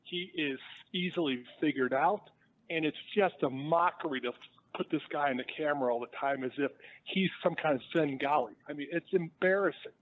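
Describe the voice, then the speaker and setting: A man's voice: a little high, moderate pace. A man calling in to a live sports show, talking in an emphatic, exasperated way. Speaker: caller. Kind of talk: call-in complaint on live television. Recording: tinny phone line.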